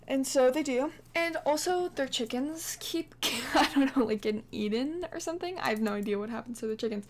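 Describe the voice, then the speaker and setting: A young woman casually narrating her life-simulation game story, chatty and excitable with many fillers and little gasps. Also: sits high, a little fast, few pauses. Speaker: Sims gameplay vlogger.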